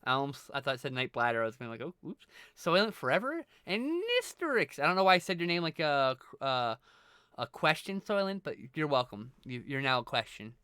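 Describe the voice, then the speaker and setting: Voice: medium pitch, sing-song, brisk, smooth, dry recording, clean studio sound. A live streamer chatting casually with viewers, thanking them and swearing freely. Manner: greets and thanks viewers warmly.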